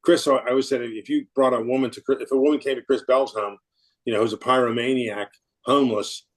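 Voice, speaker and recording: Speaking briskly in a mid-range voice with fairly even intonation, this middle-aged American guest on a podcast shares a warm anecdote during a relaxed interview. He laughs a lot and keeps starting sentences over.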